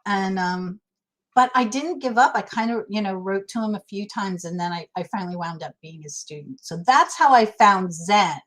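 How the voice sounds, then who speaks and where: A woman's voice: mid-range voice, brisk, rough recording. A middle-aged woman speaking candidly and emotionally as an interview guest, restarting her sentences often. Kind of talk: casual interview chat.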